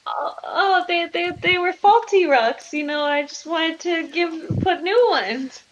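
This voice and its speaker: A woman's voice: very high-pitched, unhurried, dull audio, a little hiss or hum, voice pushed up. A woman voicing a nervous middle-aged village wife who stammers and pleads through tears. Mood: nervous, flustered.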